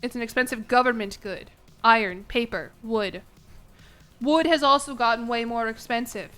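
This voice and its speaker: A woman's voice: a little high, fairly even intonation, moderate pace, fairly bright tone, clean tone, soft background music. A young woman streaming a strategy game, chatting casually with viewers in a sarcastic, swearing manner. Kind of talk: casual gameplay livestream chat.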